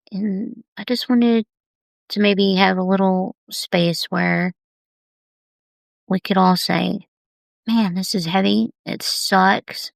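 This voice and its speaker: A woman talking openly and tenderly on a live video about heavy times, unhurried and confiding. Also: medium pitch, fairly even intonation, creaky, no echo. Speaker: artist sharing on a live video. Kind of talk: candid personal live stream.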